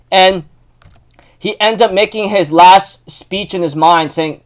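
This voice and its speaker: A young man hosting a casual anime recap, excitable and full of fillers like "dude" and "you know". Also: high-pitched, takes it slowly.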